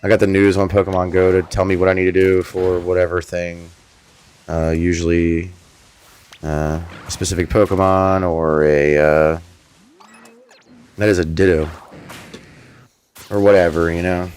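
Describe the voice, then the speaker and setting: A man's voice: sits low, level tone, unhurried, long pauses, darkish tone, smooth. A man hosting a stream, talking in a rambling, offhand way and swearing casually. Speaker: streamer host. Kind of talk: casual gameplay commentary.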